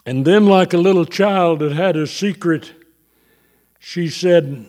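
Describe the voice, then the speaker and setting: An older man delivers a sermon at an unhurried, deliberate pace. His voice sits a little high for a man, and he pauses and restarts as he reads from his notes, then builds into fervent preaching. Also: darkish tone. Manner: slow, halting, reading from notes; rises into fervent preaching on scripture. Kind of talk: sermon testimony.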